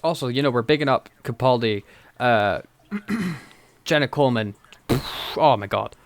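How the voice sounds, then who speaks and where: A man's voice: mid-range voice, expressive, measured pace. A man co-hosting a casual podcast chat, enthusiastic, laughing often and acting out quotes in character. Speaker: podcast co-host.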